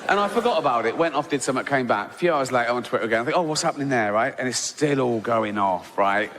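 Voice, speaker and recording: Profane English stand-up comic. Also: male voice, mid-range voice, fast, big-room sound, a crowd in the background, background noise. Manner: loose, profane storytelling with constant "right?" tags. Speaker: stand-up comedian. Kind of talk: stand-up comedy routine. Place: live comedy venue with an audience.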